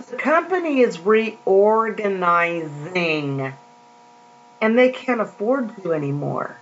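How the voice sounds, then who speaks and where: Slow-talking woman preaching a chatty sermon. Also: mid-range voice, big pitch swings. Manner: slow, drawn-out scripture reading with chatty asides. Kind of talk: casual sermon. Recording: dull lo-fi recording with mains hum.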